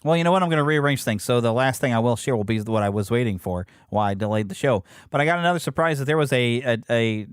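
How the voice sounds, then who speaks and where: A podcast host from the United States rambles on in a chatty, animated way, talking quickly with a lively, swooping pitch. His voice is recorded dry, with no room sound. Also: smooth, no echo. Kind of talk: casual chat.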